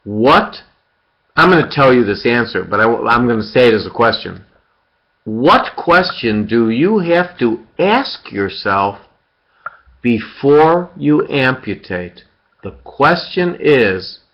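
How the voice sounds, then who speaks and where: A man's voice: medium pitch, very animated, takes it slowly, bright, forceful tone. A man giving an interactive surgery lecture, quizzing students by name and repeating key points. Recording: dull lo-fi lecture recording.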